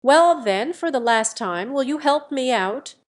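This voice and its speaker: A woman voicing a big, slow-witted husband who shouts and growls at his wife in an audiobook. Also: high-pitched, expressive, pitched above the performer's own voice. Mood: angry.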